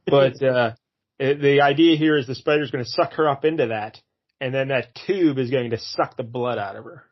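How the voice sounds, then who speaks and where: A man talks through a comic's story in an easygoing podcast chat, wry and unhurried. His voice sits in a middle range. The recording has a slightly dull, lo-fi sound. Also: medium pitch. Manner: relaxed, wry, recaps plot with quick quoted lines. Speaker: podcast co-host. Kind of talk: casual comic review chat.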